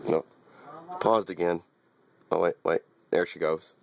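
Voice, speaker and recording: A man's voice: low voice, steady tone, a little slow, vocal fry, slight background noise. A man giving a wry, teasing running commentary as he films his little dog, often repeating himself. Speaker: dog owner filming his pet. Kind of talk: casual running commentary to camera.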